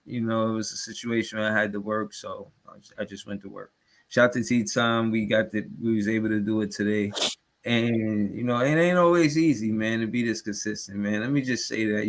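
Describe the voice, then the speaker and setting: A man's voice: on the low side, a bit bright. A man hosting a sports podcast in casual, rambling talk full of filler phrases. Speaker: podcast host.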